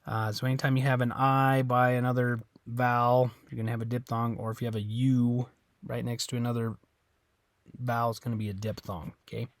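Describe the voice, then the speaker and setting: Teaching Spanish informally in a recorded class, this man speaks briskly at a medium pitch with little pitch movement. He repeats words, self-corrects, and tags phrases with "okay?", and the studio-quality recording has no room sound.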